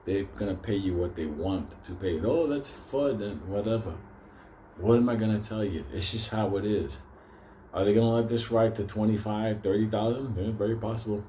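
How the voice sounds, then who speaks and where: A man's voice: fairly low pitch, steady tone, brisk, mellow, slight background noise. A man ranting casually to his viewers, swearing constantly, rambling and laughing often. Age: older. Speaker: stock market video host. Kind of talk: profane casual monologue to viewers.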